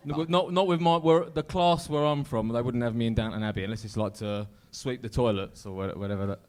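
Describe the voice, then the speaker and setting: A man's voice: medium pitch, fast, darkish tone. A man with an English accent, an actor chatting hesitantly on a comedy stage, stammering and restarting his sentences. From England. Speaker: comedy open-mic contestant. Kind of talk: casual chat on stage.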